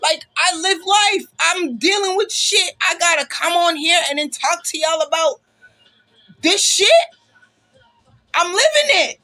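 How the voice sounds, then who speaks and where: A woman's voice: extremely high pitch, fairly even intonation, unhurried, sharp tone. A woman hosting a casual podcast, talking bluntly and passionately, with plenty of swearing. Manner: blunt, profane, passionate ranting. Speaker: podcast host.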